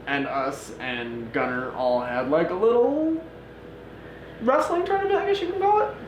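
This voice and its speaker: A married man tells a rambling story on a casual podcast, full of fillers and laughs at himself. His voice sits a little high. The room echoes, with a faint hiss underneath. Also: moderate pace. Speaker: podcast co-host. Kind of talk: casual chat.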